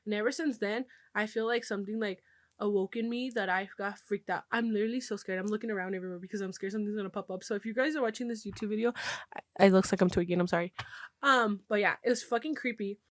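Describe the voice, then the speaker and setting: A young woman hosts a podcast, speaking fast at a medium pitch in a recording with no echo. She tells stories in loose, casual chat, swearing freely and switching into Spanish at times.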